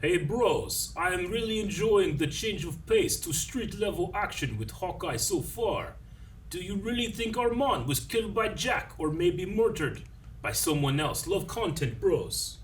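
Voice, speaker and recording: A man's voice: high-pitched, very animated, unhurried, slight background noise, pitched above the performer's own voice. A man reading out a chat message in a put-on Russian accent, exaggerated and sing-song. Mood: hammy. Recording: voice a bit far from mic.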